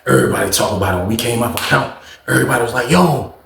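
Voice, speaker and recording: Storyteller: man, animated, gravelly voice, echoey room. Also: medium pitch, rapid-fire, slight background noise. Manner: animated, acts out quotes and punch sounds. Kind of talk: casual prison storytelling.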